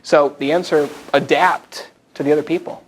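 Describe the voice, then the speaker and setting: An upbeat American man presents to a room full of people, bright and engaging. His voice sits a little high for a man, and he shifts easily between chatty asides and direct questions to the crowd. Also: moderate pace, slight background noise. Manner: energetic, conversational, invites the audience. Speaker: motivational speaker. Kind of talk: live presentation to a group. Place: meeting room with a live audience.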